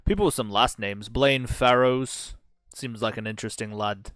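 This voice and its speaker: A gaming channel host with a fairly low, brisk, fairly bright voice plays a strategy game, casually commenting as he reads its text aloud with profane, sarcastic asides. The recording is dry and studio quality.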